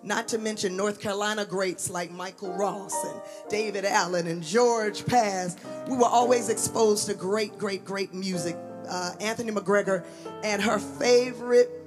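A woman tells a lively, animated story in tribute to her late mother, acting out the voices as she goes. She speaks in a church at a memorial service. Music plays clearly behind her. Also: mid-range voice. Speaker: daughter giving a tribute. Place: church sanctuary.

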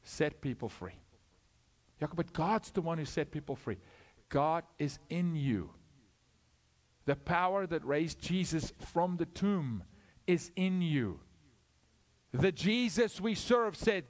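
Male guest preacher. Sermon delivery, a bit high-pitched and very dynamic, from loud to near whisper. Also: lively intonation, slow, pauses often. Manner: preaching with swings from loud peaks to hushed, low asides.

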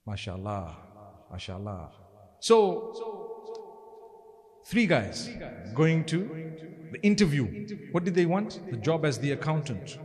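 A man's voice: on the high side, big pitch swings, takes it slowly, pauses often, a little mellow. A man giving a sermon, mixing jokes and conversational asides with pious interjections. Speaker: Islamic preacher. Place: lecture hall. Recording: long hall reverb.

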